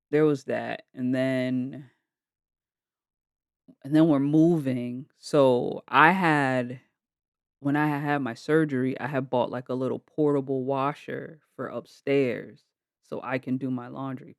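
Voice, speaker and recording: A woman's voice: extremely low pitch, darkish tone, no room sound, clean studio sound. A woman vlogger telling a story casually and bluntly, swearing freely while retelling arguments. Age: adult with kids. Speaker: vlogger reacting to a video.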